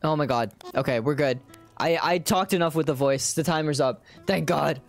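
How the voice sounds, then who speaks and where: A woman streamer casually narrating her own moves in a video game, chatty and self-deprecating, now and then breaking into loud squealing yells. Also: low voice, normal speed, soft background music. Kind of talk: casual livestream gameplay commentary.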